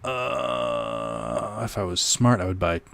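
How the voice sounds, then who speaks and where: A young man gives casual let's-play commentary, rambling and cracking jokes with the odd profane aside. His voice is deep and gravelly. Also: sing-song, slow pace, a bit bright. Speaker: gaming streamer.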